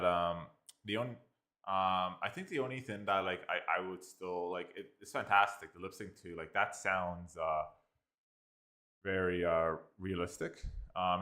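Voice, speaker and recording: A man with an Irish accent casually walking through software, hesitant and thinking aloud with many fillers. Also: sits low, echoey room. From Ireland. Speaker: tech reviewer. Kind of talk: casual screen-recorded software walkthrough.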